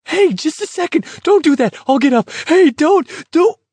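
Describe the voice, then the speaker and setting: A man narrating a story voices a terrified young man who shouts in a high, alarmed voice. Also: lively intonation, moderate pace, dry recording. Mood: panicked.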